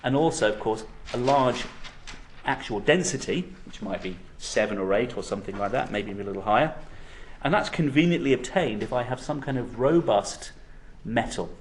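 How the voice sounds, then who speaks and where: A man delivering a university physics lecture at a steady, mid-pitched level. He explains ideas step by step and keeps checking in with his students. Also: moderate pace, slight background noise. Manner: explanatory, frequent "okay?" checks.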